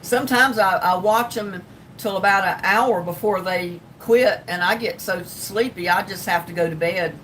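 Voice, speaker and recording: An older woman with a Southern North Carolina drawl hosts a casual livestream, rambling along in a folksy way with plenty of ums. Her voice sits at an ordinary pitch and is picked up from a little way off the mic, with a faint rumble underneath. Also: moderate pace, fairly bright tone, recorded from a distance, rough recording. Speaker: livestream host. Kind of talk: casual livestream chat reading comments.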